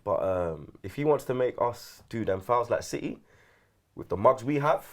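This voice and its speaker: A man talks in loose, slang-heavy chat, often closing his points with a quick question to his co-host. His pitch leaps around a lot. He sounds like he is sitting in an indoor studio. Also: animated, slight background noise. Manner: slangy, tags lines with rhetorical questions. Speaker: regular guest on a fan show. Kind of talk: casual chat.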